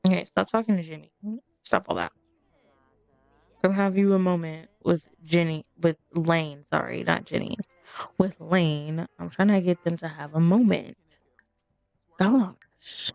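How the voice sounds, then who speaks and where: A woman's voice: fairly low pitch, fairly even intonation, a little slow, vocal fry, darkish tone, dry recording, dull audio. A woman casually commenting on her life-sim game as she plays, rambling and laughing between remarks. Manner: chatty, rambling, laughing asides. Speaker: let's play streamer.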